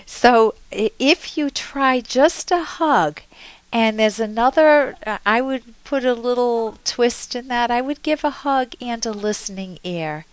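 A woman's voice: fairly high pitch, animated, a little slow, smooth, no room sound, low-quality recording. A woman radio therapist hosting a call-in show, earnestly coaching a caller with spoken examples.

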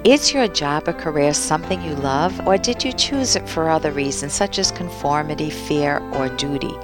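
A woman's voice: low-pitched, expressive, moderate pace, over music. Earnest woman radio psychologist. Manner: earnest, explanatory, acts out quoted voices. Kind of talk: radio advice talk.

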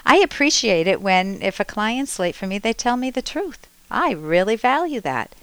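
A woman's voice: medium pitch, big pitch swings, moderate pace, fairly bright tone, clear, resonant tone, no echo, poor audio. A woman hosting a call-in advice show as a therapist, coaching the caller and acting out sample conversations with him. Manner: coaching, role-plays dialogue with caller. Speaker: radio advice host and therapist.

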